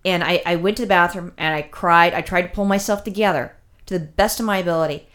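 A woman's voice: lowish voice, steady tone, quick pace, a bit bright. A woman telling a long personal story in casual chat, rambling with many fillers and restarts, emotional as she recounts it.

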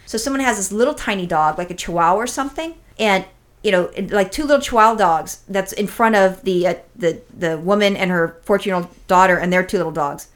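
A woman's voice: mid-range voice, fairly quick. Rambling, profane woman telling a story. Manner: rambling, profane, animated storytelling with acted-out quotes. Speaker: podcast co-host. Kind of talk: casual storytelling chat.

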